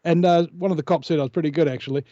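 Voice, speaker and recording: A man's voice: a little high, fairly even intonation, very fast, warm tone, no room sound. New man, dull lo-fi call. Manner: rambling storyteller, many hesitations. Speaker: guest. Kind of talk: casual interview chat.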